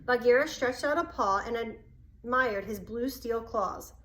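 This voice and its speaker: A woman's voice: on the high side, a little slow, a bit bright, a little hiss or hum, rough recording. Woman reading a storybook aloud. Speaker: narrator.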